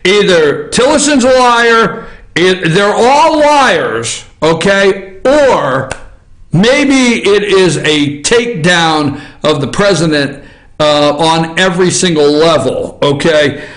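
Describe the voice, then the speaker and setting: A man's voice: high-pitched, animated, slow, fairly bright tone, reverberant, low-quality recording. A man hosting an opinionated news commentary show from an office, talking in a blunt, emphatic, ranting way and swearing freely. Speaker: political commentary show host.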